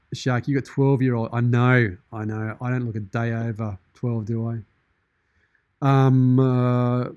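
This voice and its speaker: An Australian man hosting a live stream in a shark persona, chatting casually and deadpan while reading out viewer comments from his studio. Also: on the low side, no room sound, muffled recording. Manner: jokey, deadpan, in-character banter. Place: studio with green screen.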